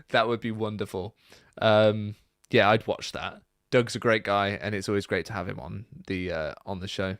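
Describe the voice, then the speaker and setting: A man hosting a casual Q&A, reading out viewer comments and chatting about them in a relaxed, rambling way. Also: on the low side, moderate pace, clean tone, dry recording, studio quality. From Britain. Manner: chatty and relaxed, many fillers and asides. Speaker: YouTube channel host.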